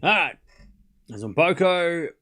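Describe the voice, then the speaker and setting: A man's voice: a little high, lively intonation, measured pace, bright, forceful tone. A man hosting a live tennis watchalong stream, calling points casually and thanking viewers for donations. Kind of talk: live play-by-play commentary over a scoring stream.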